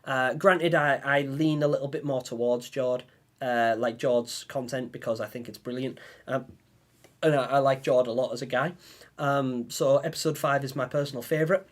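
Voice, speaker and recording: A young man hosting a live stream, telling a story in a lively way and acting out his own panicked lines. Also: mid-range voice, normal speed. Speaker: livestream host.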